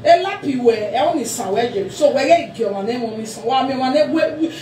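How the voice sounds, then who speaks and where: A woman's voice: high voice, lively intonation, fast talker, darkish tone. A woman, chatting loosely with exclamations. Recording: far off mic, echoey room with faint noise.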